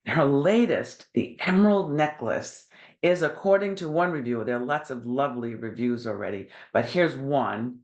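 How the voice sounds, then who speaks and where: A woman's voice: a bass voice, moderate pace, a little mellow. A woman with a New York accent hosting a podcast, chatty and enthusiastic, laughing often. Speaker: podcast host. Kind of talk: casual interview chat.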